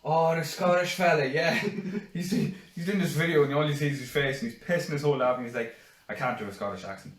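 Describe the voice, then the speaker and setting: A man's voice: on the high side, a little fast. A man co-hosting a casual podcast, swearing freely and acting out stories. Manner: animated storyteller, swears a lot, acts out quotes. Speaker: podcast co-host. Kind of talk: casual banter. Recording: echoey room, far from the mic.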